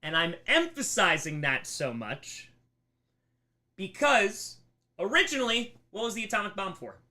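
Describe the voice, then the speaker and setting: A man's voice: high-pitched, a little slow. Emphatic man giving a live history lesson. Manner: animated, emphatic, mock voices for nations. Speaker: history teacher on a charity livestream.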